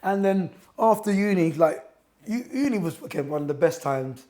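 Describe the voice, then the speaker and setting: A man's voice: sits high, expressive, normal speed, mellow. A man in his thirties, a boxing coach and author, telling stories as a chatty, enthusiastic guest in a gym. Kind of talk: casual interview chat.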